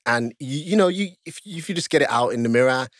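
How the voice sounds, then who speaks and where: A man guest on a podcast, telling a story in casual chat, laughing often and jumping high in pitch as he acts out his own panic. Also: lively intonation, fast, dry recording, studio quality. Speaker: podcast guest, stripper and fighter.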